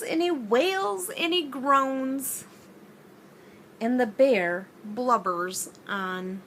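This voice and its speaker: Woman, teacher, picture-book read-aloud, sing-song, slow, bright voice. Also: sits high, slight background noise. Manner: expressive, sing-song, asking the listener questions. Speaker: childcare teacher reading aloud.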